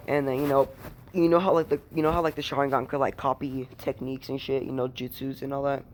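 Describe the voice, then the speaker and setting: A man's voice: medium pitch, little pitch movement, fast talker, a little mellow, a little hiss or hum. A man casually retelling a fan story at home, rambling and swearing, with lots of fillers. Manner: rambling, profane, heavy with fillers. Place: room at home.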